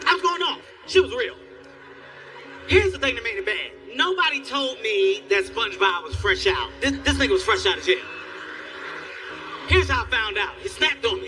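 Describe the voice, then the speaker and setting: A man doing stand-up comedy, telling a profane story in an animated, exasperated way. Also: very high voice, normal speed. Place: live comedy venue. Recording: distant live stage recording with faint music.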